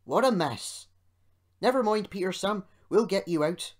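Man putting on a hearty male engine, raised pitch, loud exclaiming, storybook reading. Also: lively intonation, a little slow.

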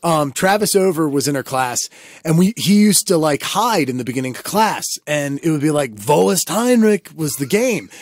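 A man co-hosting a casual podcast, telling rambling, animated stories with lots of restarts. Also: on the high side, moderate pace, no echo, studio quality. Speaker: podcast co-host. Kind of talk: casual chat.

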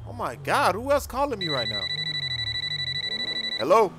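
A young man in excitable, slangy game role-play commentary with loud outbursts. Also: very high-pitched, normal speed, background noise. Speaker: gaming YouTuber.

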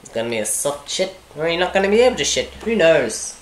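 A woman's voice: sits low, big pitch swings, fast talker. A young woman giving rambling, jokey let's play commentary, talking to herself as she plays. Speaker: gaming commentator. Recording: echoey room with game music behind.

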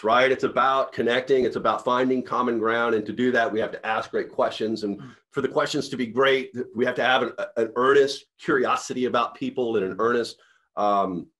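A man's voice: medium pitch, a bit bright. A man, a company CEO, giving a motivational talk to sales reps in an earnest, rambling storytelling way with many restarts.

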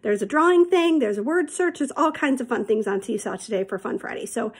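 A woman's voice: on the high side, expressive, brisk, slightly rough. A woman teacher telling her students a personal story in a chatty, candid way and calling them friends.

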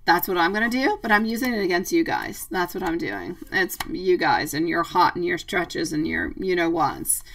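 A tarot reader on a live stream talks through viewer comments, laughing a lot and calling everyone sweetie. Her fairly low voice is creaky yet fairly bright, moving at a moderate pace with few pauses. The low-quality recording was made from afar.

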